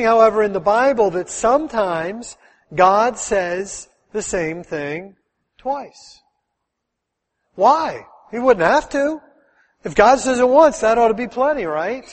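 A middle-aged man, a pastor, preaching a sermon in a lively, conversational way full of rhetorical questions. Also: sits high, in a large hall.

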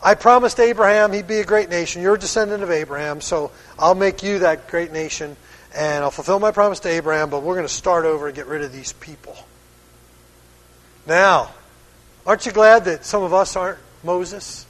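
A man preaching a sermon, reading old-style scripture slowly and then playfully voicing the people in it, chuckling now and then. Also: high voice, a bit bright, in a large hall.

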